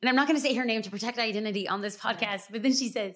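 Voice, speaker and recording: Earnest woman telling a vivid story. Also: fairly high pitch. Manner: animated, earnest, pace swings from rapid to drawn out. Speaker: church planter and guest. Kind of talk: emotional storytelling testimony.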